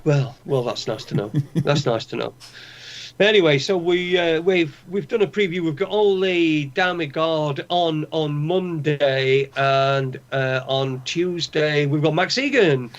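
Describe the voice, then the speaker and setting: A podcast co-host from the North of England speaks in a fairly high, unhurried voice. He rants through casual chat, swearing heavily and voicing strong opinions, and the recording has a dull lo-fi quality.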